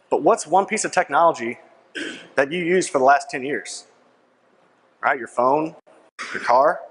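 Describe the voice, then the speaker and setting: A man's voice: a little high, a bit bright. A young man giving a persuasive sales presentation at a conference, punchy and repetitive, often asking "right?" to the crowd. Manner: punchy, repeats key lines. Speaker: conference speaker. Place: large conference hall. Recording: long reverb of a big hall.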